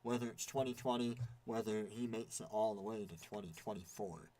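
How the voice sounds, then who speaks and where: A man's voice: lowish voice, fairly even intonation, a little fast, warm tone, slight background noise. A man chatting casually on a podcast, rambling with many restarts and fillers. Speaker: podcast co-host. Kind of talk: casual chat. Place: indoor podcast recording.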